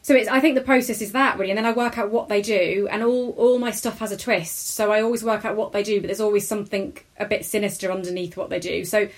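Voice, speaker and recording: A woman talks in a loose, rambling way as an interview guest. She sounds chatty and a little self-deprecating. Her voice sits at a middling pitch for a woman. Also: fairly even intonation, quick pace, few pauses. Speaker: character comedian guest. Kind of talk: casual interview chat.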